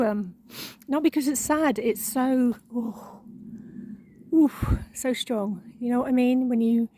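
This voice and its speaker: Emotional woman, raised pitch. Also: warm tone, slight background noise, rough recording. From England. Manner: emotional, halting, repeats words, sighs. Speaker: spiritual channel. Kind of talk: spiritual monologue.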